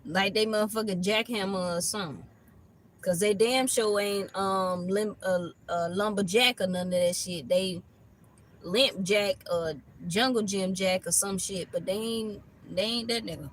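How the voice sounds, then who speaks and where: A woman's voice: mid-range voice, a little slow, slight background noise, rough recording. A woman tarot reader ranting in a casual reading, blunt and profane, laughing often between lines.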